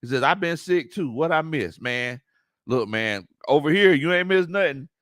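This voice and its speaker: A man's voice: fairly high pitch, dry recording, clean studio sound. A man hosts a casual live sports stream, reading chat comments, laughing often and drawing out his words. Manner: animated, laughs often, drawn-out colloquial speech. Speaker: sports talk show host.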